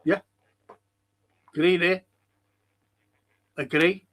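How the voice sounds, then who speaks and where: A man's voice: sits high, steady tone, very slow, fairly bright tone. A man hosting a casual live-stream fan podcast, talking bluntly, swearing freely and reading out viewer comments. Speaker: podcast host.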